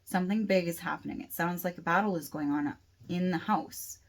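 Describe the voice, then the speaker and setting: Lower-pitched woman reading her novel. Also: brisk. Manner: steady reading with occasional restarts. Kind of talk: first-person audiobook narration.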